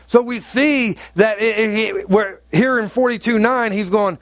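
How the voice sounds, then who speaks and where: A man's voice: sits high, a little slow, hardly any pauses, no echo. A male pastor preaching a sermon in a conversational way, asking the congregation questions and acting out taunts in a raised voice.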